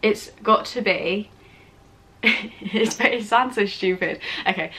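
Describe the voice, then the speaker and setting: A teenage English girl talks straight to her camera in a relaxed Q&A vlog. She rambles, giggles and wanders off topic. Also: medium pitch, slow pace. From England. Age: teens. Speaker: vlogger. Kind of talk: casual Q&A vlog. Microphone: camera mic with ring light setup.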